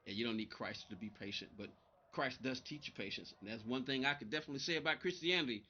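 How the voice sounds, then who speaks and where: A man's voice: mid-range voice, quick pace, pushed and bright, lo-fi sound. A man live-streaming a racing game, chatting loosely with his viewers, irritated and rambling, often repeating himself. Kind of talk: casual live-stream chat reading viewer comments.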